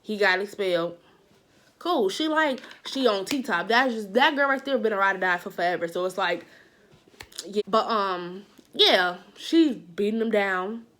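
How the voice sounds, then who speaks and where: Animated woman telling a storytime. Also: mid-range voice, a little slow. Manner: animated, repeating phrases for emphasis; heavy use of "like" as a filler. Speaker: vlogger. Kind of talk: casual storytime monologue.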